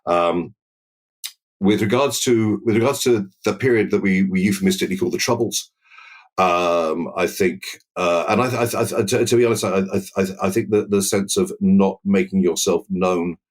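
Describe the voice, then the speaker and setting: A man with a southern English accent close to standard BBC speech, a deep bass voice and a halting way of talking full of repeated words and restarts, answering as a podcast guest. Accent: southern English, near standard BBC. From England. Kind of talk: conversational interview.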